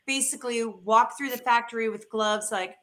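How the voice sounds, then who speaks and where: A woman guest chats playfully over a video call on a live show. Her voice is bright and a little high. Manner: chatty, playful, quick. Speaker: guest author. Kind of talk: casual live show chat.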